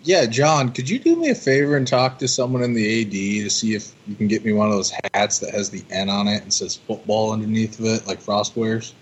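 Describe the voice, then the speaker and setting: A man co-hosting a podcast, chatting casually and telling stories with a joking, lively manner. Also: on the low side, a little fast, few pauses, breathy edge. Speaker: podcast co-host. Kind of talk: casual chat.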